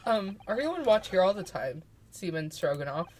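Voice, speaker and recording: A woman's voice: lowish voice, very animated, normal speed, a little mellow, slight background noise. A woman voicing an earnest young male lawyer who asks his questions politely and a little hesitantly. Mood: questioning.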